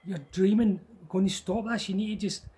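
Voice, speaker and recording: A man's voice: sits high, steady tone, a little fast, dark tone, pitched above the performer's own voice, close to an everyday voice. A man voicing his tired, irritated father woken in the night, brusque and impatient. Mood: exasperated.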